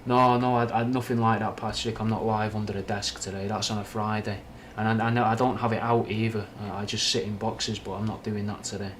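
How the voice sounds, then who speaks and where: In this casual livestream chat, a young man from Manchester answers his viewers, rambling frankly, swearing and dropping slang. The accent is Mancunian with a slight Scouse twang. He speaks a little fast in a lowish, level voice with few pauses, and a little hiss or hum sits in the background.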